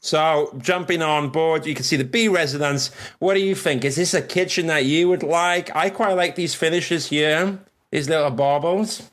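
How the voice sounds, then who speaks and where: A man's voice: fairly high pitch, moderate pace, a bit bright. A man from Wales hosting a casual livestream chat, chatty and rambling, laughing often. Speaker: host.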